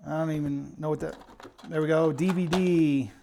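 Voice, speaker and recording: A man's voice: fairly high pitch, fairly even intonation, moderate pace, creaky, warm tone, a little hiss or hum. A man hosting a casual live Q&A stream, chatting and thinking aloud on a clip-on mic in an indoor room with some echo. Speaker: host of a craps channel live stream. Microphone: clip-on mic with pack.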